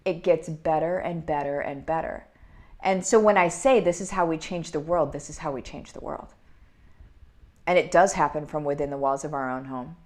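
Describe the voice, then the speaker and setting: Woman in her forties, lowish voice, upbeat livestream host, chatting from home. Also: normal speed. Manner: upbeat, greets viewers by name, talks to her dog. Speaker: business coach hosting a livestream. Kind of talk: casual livestream chat reading comments.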